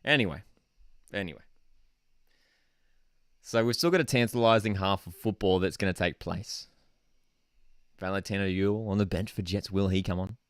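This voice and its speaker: A young Australian man hosting a live football watchalong, excitable and prone to saying "dude", swinging between shouting and muttering. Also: low-pitched, normal speed, pauses often, no echo, studio quality. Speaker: football channel host. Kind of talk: live match watchalong commentary.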